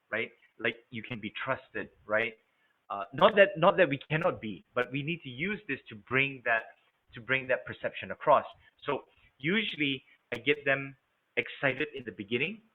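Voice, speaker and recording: A man runs a sales lesson in a lively, coaching manner, switching his tone to show each technique. His voice sits in a middling register. It comes through thin and boxy, like a phone call. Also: mid-range voice. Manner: energetic, coaching, demonstrates voice tones. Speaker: sales trainer. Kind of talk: instructional talk. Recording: narrow phone-like sound.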